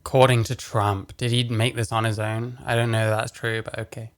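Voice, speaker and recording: A man's voice: medium pitch, monotone, a little fast, fairly bright tone, clear, resonant tone. A man with a mid-range voice talks back at a video in casual, profane commentary. He is blunt and combative, and his tone stays scornful throughout. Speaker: reaction commentator.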